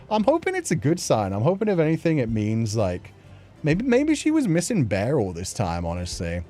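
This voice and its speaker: A man's voice: on the low side, sing-song, moderate pace, warm tone, faint music behind. A man hosting a casual livestream chat show, rambling with lots of filler words and laughing often as he reads viewer messages.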